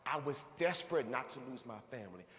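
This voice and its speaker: A man in his thirties giving a motivational talk to a live audience, telling a personal story with animated, acted-out reactions. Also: medium pitch, fast. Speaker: speaker. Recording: echoey hall, long reverb.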